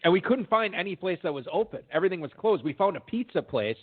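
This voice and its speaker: A middle-aged man guesting on a podcast, telling stories in a casual, animated way and laughing as he goes. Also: sits high, fast talker, husky. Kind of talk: casual storytelling. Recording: tinny phone-line audio.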